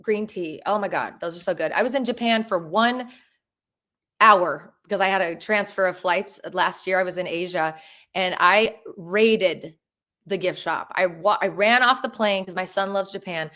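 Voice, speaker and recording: A woman's voice: lowish voice, normal speed, a bit bright. Bubbly chatty woman streaming live. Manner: bubbly, chatty, many restarts and fillers. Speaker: real estate agent and host. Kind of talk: live stream Q&A, casual chat.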